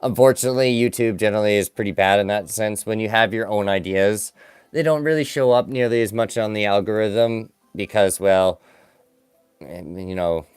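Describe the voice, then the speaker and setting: A man's voice: fairly low pitch, normal speed, clear, resonant tone, dry recording, faint music behind. A man streaming live as he sculpts clay for stop-motion, chatting casually and rambling, poking fun at himself as the work distracts him. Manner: rambling, self-deprecating, distracted by the work at hand. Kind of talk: casual live-stream chat while crafting.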